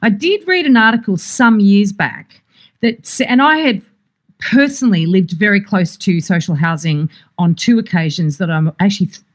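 A woman's voice: mid-range voice, lively intonation, moderate pace. An Australian woman co-hosting a podcast in casual chat, rambling through anecdotes and laughing often. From Sydney, Australia. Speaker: podcast co-host.

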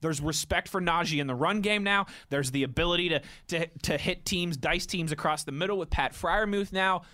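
A man hosting a casual sports talk show, animated and quick to laugh. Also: a little high. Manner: animated, laughs often, breaks into playful singing.

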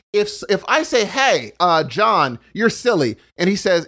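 A man in casual conversation, talking in an animated way and acting out the voices he quotes. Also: high-pitched, normal speed, hardly any pauses.

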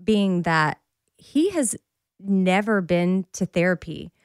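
A woman's voice: lowish voice, lively intonation, clean tone, dry recording, clean studio sound. Chatty woman co-host chiming in. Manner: chatty, quick to laugh and chime in. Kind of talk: casual conversation.

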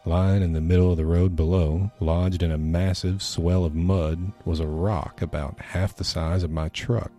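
Very deep-voiced male storyteller. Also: level tone, normal speed, hardly any pauses, dark tone, faint music behind. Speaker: podcast storyteller. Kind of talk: scripted horror story narration.

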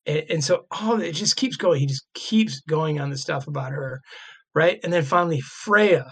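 A man in casual podcast talk, retelling old myths and reading passages aloud, excited, with lots of "like" and "right". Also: fairly high pitch, normal speed, breathy edge. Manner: excited, laughing, many fillers like "like" and "right".

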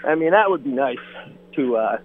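A man calling into a radio show, speaking hesitantly with many pauses. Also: mid-range voice, animated. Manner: hesitant, halting with fillers. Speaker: caller. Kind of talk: phone-in chat. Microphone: telephone. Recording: tinny phone line.

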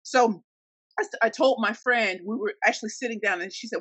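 Animated bright-voiced woman storyteller. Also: a little high, a little fast, slightly rough, dry recording, poor audio. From St. Louis, Missouri. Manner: animated, acts out quoted voices. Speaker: guest entrepreneur. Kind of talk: emotional storytelling interview.

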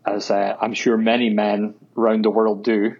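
A man's voice: on the low side, level tone, unhurried, a little mellow, slight background noise. A man with a Scottish accent reading listener questions in casual chat, hesitant and full of fillers. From Scotland. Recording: dull lo-fi sound.

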